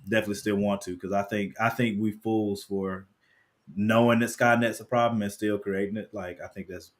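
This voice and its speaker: A man co-hosting a live talk stream, relaxed and easygoing, often trailing off quietly and laughing. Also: lowish voice, fairly quick. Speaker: podcast co-host. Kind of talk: casual chat.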